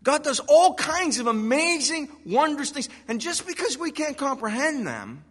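A man delivers a sermon with a high, bright voice that swings widely in pitch. He acts out the quotes he reads in an animated way. His voice carries a long reverb, as if in a big hall. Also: moderate pace. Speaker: pastor.

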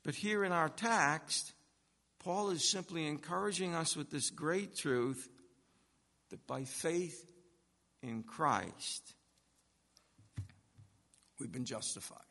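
A man delivers a sermon at an unhurried pace, leaning on single words and letting his voice swell for emphasis. His tone is bright and sits slightly high. The sound carries a long hall reverb. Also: vocal fry. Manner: slow, emphatic preaching with long pauses and swells in loudness. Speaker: pastor.

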